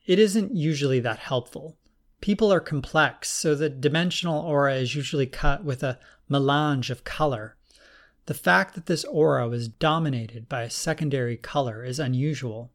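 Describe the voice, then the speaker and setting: A man's voice: mid-range voice, normal speed, lightly acted. Audiobook: male narrator plays a composed woman aura expert, level and explanatory. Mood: thoughtful. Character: woman psychic aura analyst, calm, analytical.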